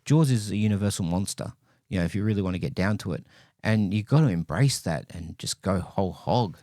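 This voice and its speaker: This podcast co-host has a deep, darkish voice with lively intonation, and he talks fairly quickly. He chats casually about a bad movie, wry and rambling, constantly correcting himself. The studio recording is clean, with no room sound.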